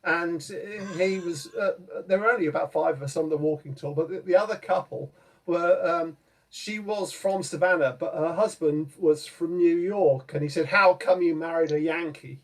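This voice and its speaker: A man at a folk club video call, explaining his song in a halting way full of repeated words. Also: fairly high pitch, distant mic. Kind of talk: casual chat after singing a song. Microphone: computer mic on a video call.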